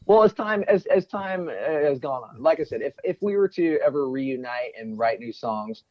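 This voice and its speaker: A man's voice: mid-range voice, lively intonation, normal speed, no room sound. A man in casual podcast chat as a guest co-host and former bandmate, rambling and joking. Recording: muffled lo-fi audio.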